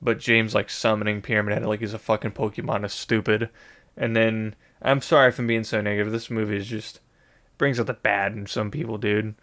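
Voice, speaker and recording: A man's voice: lowish voice, flat delivery, fairly quick, fairly bright tone. A man giving a casual spoken movie review, rambling with many fillers and restarts and swearing freely.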